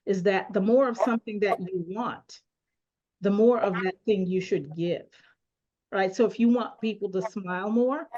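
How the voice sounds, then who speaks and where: A woman moderating a panel discussion on a call, speaking deliberately and often adding a rhetorical "right?". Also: medium pitch, darkish tone, lo-fi sound.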